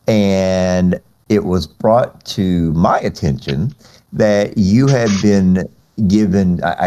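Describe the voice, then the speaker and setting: A man's voice: low-pitched, warm tone. A man hosting a podcast in loose, chatty talk, with restarts and laughs along the way. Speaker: podcast host. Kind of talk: casual podcast chat.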